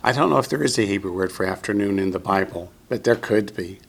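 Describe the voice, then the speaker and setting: A man's voice: on the low side, fast talker, gravelly. A man teaching Biblical Hebrew in a classroom, patiently drilling students with call-and-response.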